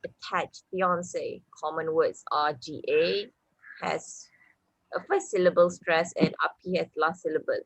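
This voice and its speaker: A woman with a fairly low voice reads out word lists, a little hesitant. The sound is dry and close. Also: steady tone, measured pace, gravelly, fairly bright tone, breathy edge, no room sound, rough recording. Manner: list-reading, a bit hesitant. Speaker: student presenter. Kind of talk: reading a phonetics presentation.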